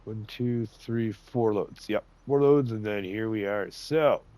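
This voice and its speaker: A man's voice: lowish voice, takes it slowly, a little mellow, no echo. A middle-aged man with a cold, his voice nasal and congested, chatting folksily through farming gameplay as a gaming channel host and chuckling often. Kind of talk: casual gameplay commentary.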